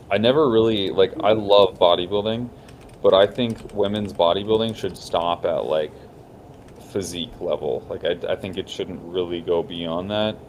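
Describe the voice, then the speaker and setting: Deep-voiced young man, crude and slangy. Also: slight background noise. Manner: crude, slangy, laughing often. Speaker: podcast co-host. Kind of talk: casual chat.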